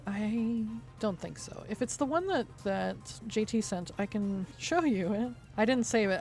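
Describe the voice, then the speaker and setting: A woman's voice: medium pitch, darkish tone. A woman streamer giving heated, profane, sarcastic commentary on a livestream while reading through a document.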